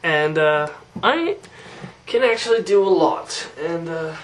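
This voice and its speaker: Young guy vlogger, halting chatty delivery, high animated voice. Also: far from the mic. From Canada. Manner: rambling, hesitant, many fillers. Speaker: YouTuber. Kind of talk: casual impressions vlog.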